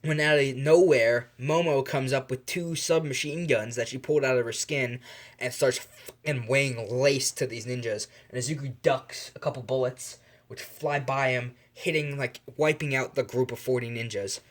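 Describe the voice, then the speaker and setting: A man's voice: medium pitch, fairly even intonation, moderate pace. Rambling young man improvising a story. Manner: rambling, self-correcting, lots of fillers. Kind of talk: improvised fan story narration.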